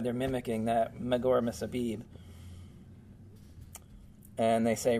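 A man's voice: mid-range voice, flat delivery, moderate pace, pauses often, a little mellow. A man preaching a Bible-teaching sermon in a casual, conversational way, filling his talk with "you know" and "um". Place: church.

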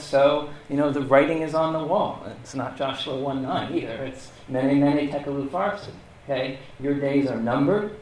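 With a darkish, medium-pitched voice at normal speed, a man teaches a Bible lesson in a casual, talky manner, asking rhetorical questions and often saying "okay?". He's a preacher, recorded from a distance in an echoey room with slight background noise.

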